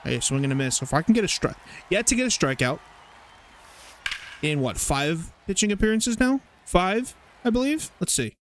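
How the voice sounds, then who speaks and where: A young man casually commentating his baseball video game, rambling, swearing and getting excited over plays. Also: high voice, normal speed, slight background noise. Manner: chatty, rambling, profane, excitable. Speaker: gaming YouTuber. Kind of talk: casual let's-play commentary.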